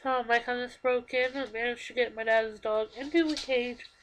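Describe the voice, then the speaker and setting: A young woman in her twenties with a slightly higher voice talks into a computer microphone. She speaks haltingly and earnestly, with plain emotion in her confessional talk. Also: steady tone, fairly bright tone, slight background noise, rough recording. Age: 20s. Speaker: vlogger. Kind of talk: confessional personal talk to camera.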